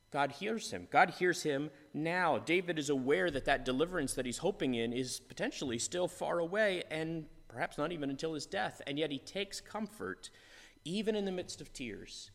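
Earnest preacher in a reverberant hall. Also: male voice, fairly high pitch, creaky, a bit bright. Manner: earnest, repeats phrases for emphasis, swells in volume on key points. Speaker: pastor. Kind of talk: sermon. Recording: long reverb of a large hall.

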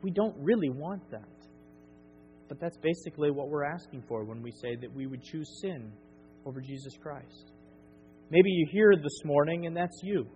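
Middle-aged man, pastor, earnest sermon, emphatic then soft, slightly high voice, dull lo-fi sound. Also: lively intonation, moderate pace, faint music behind. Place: church sanctuary. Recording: dull lo-fi church recording with long reverb and faint hum.

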